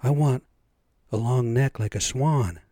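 A man's voice: mid-range voice, a little slow, no echo, clean studio sound, natural voice. A man playing a boastful, demanding owl. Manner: loud and insistent.

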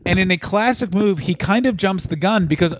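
A man co-hosting a comedy podcast, riffing in animated, crude casual chat on a close podcast mic. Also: high-pitched, brisk, a little hiss or hum. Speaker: podcast co-host.

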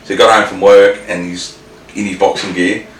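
A very deep-voiced Australian man rambles through a casual podcast chat, full of swearing and restarts. He sits well back from the mic in a roomy space. A faint hiss sits under his voice. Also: level tone, normal speed, recorded from a distance. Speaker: podcast co-host.

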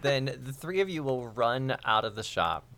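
A man running a tabletop game as game master, calmly narrating and asking the players what they do. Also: medium pitch, moderate pace. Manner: calm, guiding, asks players what they do.

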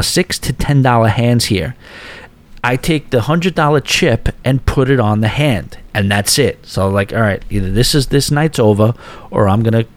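A man hosts a podcast and tells a casual, rambling story. His pitch sits in the middle. When he quotes people he jumps up into animated, raised voices. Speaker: podcast host.

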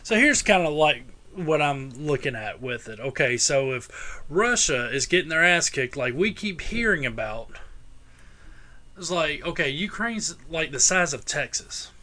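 A man's voice: a little high, big pitch swings, unhurried, sharp tone. A man talking bluntly and profanely in a casual podcast chat, laying out a theory. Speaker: podcast co-host.

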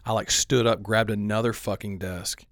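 A man's voice: on the low side, steady tone, moderate pace, fairly bright tone, no room sound, studio quality. A young man telling a story in casual chat, rambling with lots of fillers and frequent swearing. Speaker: podcast co-host telling a story.

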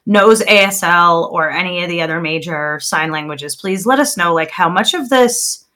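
A woman co-hosting a casual movie review podcast, animated and laughing often, sometimes fumbling for names. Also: on the low side, normal speed. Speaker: podcast co-host.

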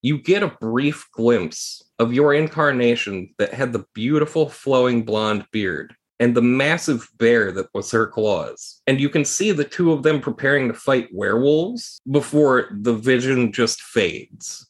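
A man narrates as game master of a tabletop game. He lays out scenes in a steady, descriptive voice and answers players with easy humor. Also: medium pitch, a little slow, few pauses.

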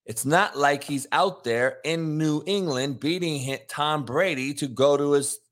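A man's voice: on the high side, a little slow, a bit bright. A man hosting a sports talk show, brash and swearing freely as he hypes his next segment and breaks down a quarterback. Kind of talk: profane sports commentary.

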